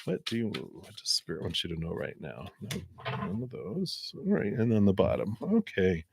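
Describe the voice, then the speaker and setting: A man giving live-streamed tarot readings in a gentle, encouraging way, rambling a little with fillers. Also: deep voice, big pitch swings, moderate pace, gravelly, background noise. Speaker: tarot reader.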